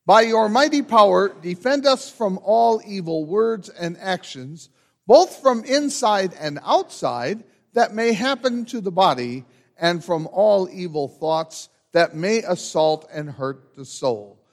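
Male pastor, high voice that swoops around a lot, slow solemn church liturgy. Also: lively intonation. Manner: measured, solemn liturgical delivery.

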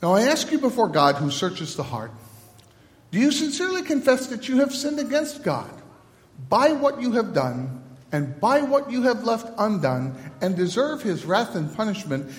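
High-voiced pastor in echoing church. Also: male voice, big pitch swings. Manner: halting announcements, then measured liturgical cadence. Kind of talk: leading a church liturgy. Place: church sanctuary. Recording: long reverb of a large church.

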